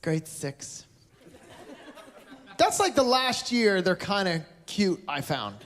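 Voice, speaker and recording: A man's voice: high-pitched, sing-song, unhurried, fairly bright tone. A man doing stand-up comedy with crowd work, blunt and teasing, from Canada with a Canadian accent. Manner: sarcastic, blunt, teasing the audience. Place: large live venue with audience laughter.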